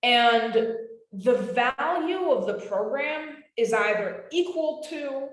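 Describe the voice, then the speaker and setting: A woman's voice: fairly high pitch, expressive, slow. A young adult woman presenting a live webinar in a casual, emphatic way, often calling her listeners guys. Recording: roomy echo.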